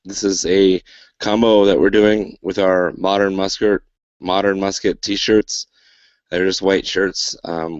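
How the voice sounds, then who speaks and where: A low-pitched man hosts a casual podcast, rambling loosely with lots of filler words and a wry, dry sarcasm. The recording has no room sound but its highs are cut off.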